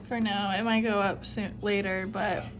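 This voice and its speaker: Young woman, twenties, casual vlog chat, rambling, middle pitch, faint background music. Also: flat delivery, normal speed. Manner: chatty, rambling, lots of "like" and "I don't know". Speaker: nursing student vlogger.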